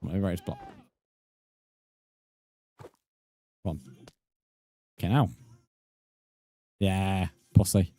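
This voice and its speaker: A man's voice: deep voice, animated, slow, long pauses, warm tone. A young man streaming a game live, chatting bluntly and swearing as he bants with viewers. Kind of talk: live stream chat while gaming.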